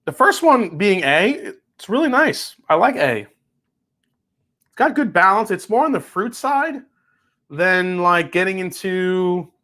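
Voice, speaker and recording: A man's voice: high-pitched, big pitch swings, slow, pushed and bright. A man hosting a live whiskey tasting stream, chatting casually and swearing now and then. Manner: laid-back, swears casually, laughs easily. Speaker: whiskey reviewer, livestream host.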